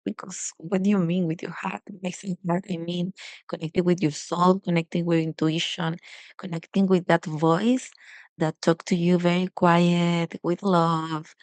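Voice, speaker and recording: A woman yoga teacher giving a casual self-love talk with guided breathing, speaking softly and gently with frequent fillers and restarts. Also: on the low side, little pitch movement, measured pace, no echo, low-quality recording.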